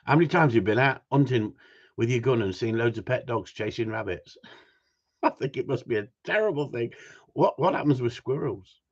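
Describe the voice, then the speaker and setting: Reading viewers' comments during a relaxed live stream, this gundog trainer jokes around and teases them, dropping the odd mild curse. His darkish voice rises and falls a great deal, captured in dull, low-fidelity audio.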